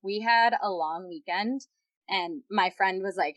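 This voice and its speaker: A woman's voice: medium pitch, a little slow, fairly bright tone, dry recording. A young woman guest on a podcast, candidly retelling a personal story with lots of quoted dialogue.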